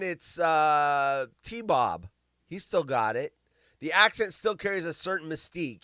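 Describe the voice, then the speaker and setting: A man with a fairly high, sharp, clean voice, recorded with no echo, hosts a casual chat show. He reads news stories aloud, rambling, cracking jokes, and stumbling over the words as he goes.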